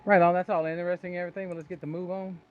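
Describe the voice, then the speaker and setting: Quick-talking gamer man on a tinny line. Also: high voice, level tone. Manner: impatient, pushing the group on. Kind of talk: casual chat over gameplay. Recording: tinny voice chat line with faint hiss.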